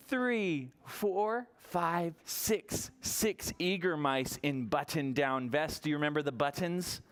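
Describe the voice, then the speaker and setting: A children's librarian reading a picture book aloud to toddlers, coaxing and sing-song, counting along and asking the little ones questions. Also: medium pitch. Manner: counts aloud slowly and playfully.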